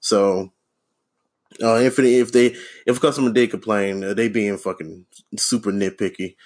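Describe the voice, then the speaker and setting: A man hosting a podcast alone, rambling in a deadpan, sardonic way, swearing freely and filling with ums and restarts. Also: lowish voice, normal speed. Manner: profane, rambling, sardonic, many fillers and restarts. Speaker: podcast host. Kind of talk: casual solo rant.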